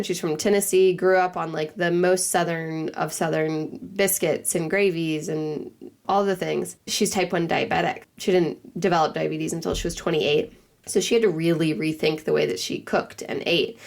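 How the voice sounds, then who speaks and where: Chatty woman with a low voice. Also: gravelly. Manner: chatty, lots of "like" and quoted asides. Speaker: cookbook author and newsletter writer. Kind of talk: casual podcast interview.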